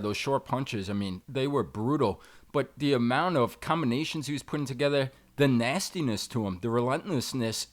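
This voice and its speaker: A man hosting a sports talk show, recapping fights in a steady, agreeable, fluent way. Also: medium pitch. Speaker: show host.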